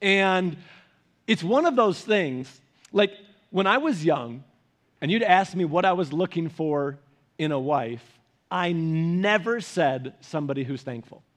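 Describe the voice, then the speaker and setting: A man's voice: fairly high pitch, animated, unhurried. A man pastor giving a casual, conversational sermon, often repeating and restarting words.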